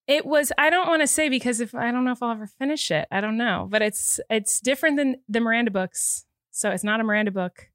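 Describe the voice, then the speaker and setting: A woman's voice: on the high side, quick pace, few pauses, a bit bright, no echo, clean studio sound. A woman in her thirties hosting a podcast, teary and rambling earnestly in casual chat. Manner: rambling, earnest, with frequent restarts. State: teary, emotional. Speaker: podcast host. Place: indoor podcast studio.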